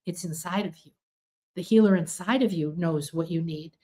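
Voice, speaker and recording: A woman's voice: lowish voice, moderate pace, warm tone. A middle-aged woman giving a motivational spiritual talk, earnest, stacking long repeated lists and acting out quoted pleas. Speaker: spiritual healing teacher.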